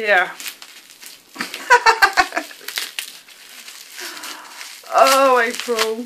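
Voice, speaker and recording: A woman's voice: mid-range voice, very noisy. An English woman vlogging an unboxing, gushing with thanks in casual chat. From England.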